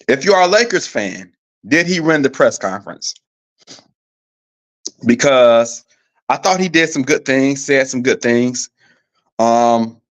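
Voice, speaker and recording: A man hosting a live sports podcast, talking casually, with a slightly rough, coughing throat, pausing with frequent ums and asking viewers for their opinions. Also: medium pitch, lo-fi sound. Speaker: podcast host. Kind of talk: casual live-show commentary. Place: staying abroad in Paris.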